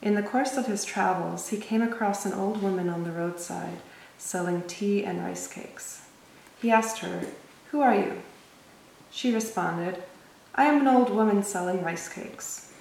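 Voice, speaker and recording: A woman in a group reading a story aloud in a calm, measured way. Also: medium pitch, vocal fry, a little hiss or hum. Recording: very echoey room, mic far off.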